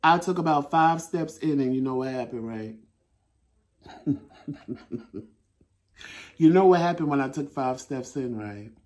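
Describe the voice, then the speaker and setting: Man telling a story, animated and blunt. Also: mid-range voice, unhurried, pauses often. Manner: animated, swearing, laughing at himself. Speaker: host. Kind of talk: casual storytelling.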